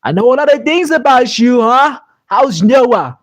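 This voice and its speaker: A cocky, taunting fighter with a put-on lilt, as a man does an impression. The voice is pitched well above his own and pushed louder, needling and mocking. It sounds close and dry. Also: lively intonation, a little slow, dry recording, exaggerated voice.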